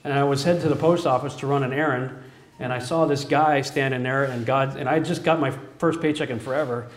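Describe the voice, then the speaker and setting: A man's voice: medium pitch, fairly even intonation, fairly quick. Earnest man preaching in an echoey room. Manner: earnest storytelling with frequent chuckles. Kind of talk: preaching personal testimony.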